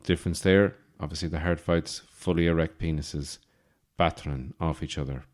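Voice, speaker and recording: An Irish man in his forties, hosting a podcast with a rambling, deadpan comic monologue full of fillers and restarts. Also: rumbling low, moderate pace. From Ireland. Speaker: podcast host.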